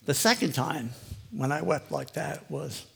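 Older man with a gravelly husky voice. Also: on the high side, expressive, measured pace, a bit bright. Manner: rambling and conversational, full of "you know". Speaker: lay preacher giving a testimony. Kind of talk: personal testimony to a live audience.

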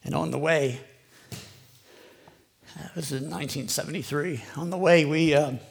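Older man, gravelly husky voice sitting a bit high, rambling testimony for a church crowd. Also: normal speed. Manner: rambling and conversational, full of "you know". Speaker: lay preacher giving a testimony. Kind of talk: personal testimony to a live audience.

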